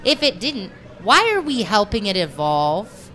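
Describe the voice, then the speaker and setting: A young woman on a casual podcast panel, talking excitedly and rambling. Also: mid-range voice, unhurried, over a noisy crowd.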